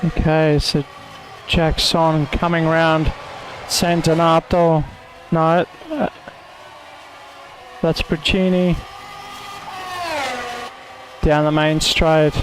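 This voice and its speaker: A man's voice: a little high, little pitch movement, extremely slow, long pauses, slight background noise, poor audio. A man commentating an online sim racing event, calling corners and penalties and mocking his own attempts at an Italian accent. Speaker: race commentator.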